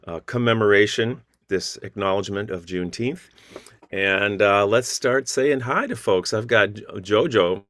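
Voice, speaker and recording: A man hosting an online song gathering over a video call, warmly greeting viewers by name and town. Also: fairly low pitch, dry recording, studio quality. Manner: friendly, reading out viewer names. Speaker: host. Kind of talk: online sing-along greeting.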